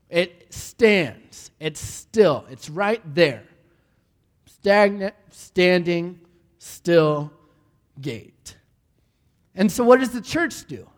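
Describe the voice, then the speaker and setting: A man preaching a sermon, animated and asking the room repeated questions, often stumbling over restarts. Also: sits high. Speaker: pastor. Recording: hall reverb.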